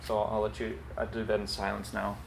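A man's voice: on the low side, completely flat delivery, vocal fry. Man, pastor, conversational sermon, earnest, roomy echo. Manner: conversational, earnest, with quick asides. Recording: echoey hall, faint background noise.

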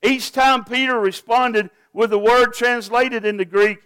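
A man's voice: extremely high pitch, steady tone, unhurried, fairly bright tone, clear, resonant tone, no echo. A pastor preaching a sermon to his congregation, earnest and asking them direct questions.

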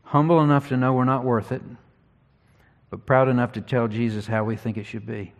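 A man preaching an expository sermon, teaching earnestly and reading scripture slowly with emphasis. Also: mid-range voice, little pitch movement.

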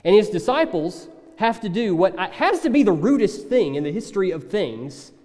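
A man preaching a sermon in a conversational, animated way, slipping into acted asides. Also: high voice, normal speed, long reverb tail. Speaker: pastor.

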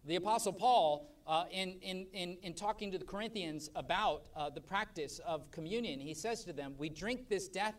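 A man preaching a sermon as pastor at a church service, emphatic, swelling loud and dropping soft. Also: high-pitched, normal speed, hardly any pauses, distant mic.

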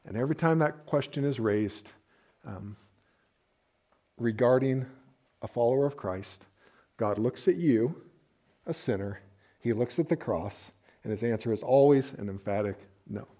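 A man's voice: medium pitch, animated, measured pace, pauses often, mellow. A man, a pastor, preaching a sermon in a conversational way with playful asides. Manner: conversational, uses playful asides and acted-out quotes.

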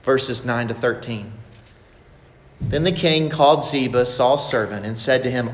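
A man's voice: mid-range voice, unhurried. A man preaching a sermon, expressively acting out the quoted lines of the story. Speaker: pastor. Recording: echoey hall with long reverb.

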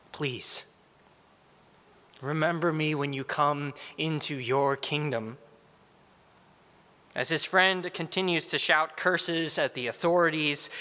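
A man giving a slow, earnest Good Friday meditation as a preacher. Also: a little high, pushed and bright, big-room sound. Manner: slow, earnest, reflective delivery.

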